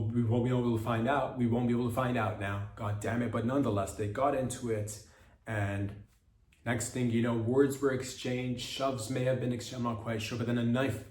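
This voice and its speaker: A man hosting a comedy podcast, delivering a meandering satirical monologue full of halting restarts and mock-serious asides. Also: mid-range voice. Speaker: podcast host. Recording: roomy echo, mic at a distance.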